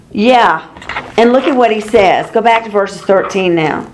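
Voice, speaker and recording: A woman's voice: mid-range voice, slow pace, slight background noise. A woman teaching a Bible study class in a chatty, explanatory way, chuckling now and then. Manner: conversational, chuckles, explains with rhetorical asides.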